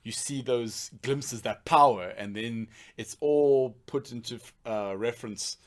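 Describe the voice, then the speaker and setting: A man's voice: medium pitch, unhurried. A man with a mid-range voice explains his thoughts on a film during a casual podcast chat. He sounds easygoing and agreeable, laying out his points in long stretches.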